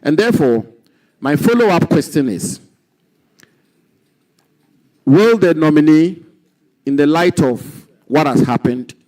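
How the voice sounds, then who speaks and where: A Ghanaian man speaks into a desk microphone in a parliamentary hearing room, pressing a nominee with formal questions. He talks deliberately and repeats his main points for emphasis. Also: on the high side, animated, a little mellow. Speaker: committee member questioning a nominee.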